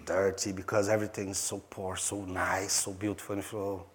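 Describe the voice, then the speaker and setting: In Portuguese-accented English, a Brazilian pastor earnestly tells a story during a sermon, his phrasing hesitant and non-native. His voice is low and his delivery flat.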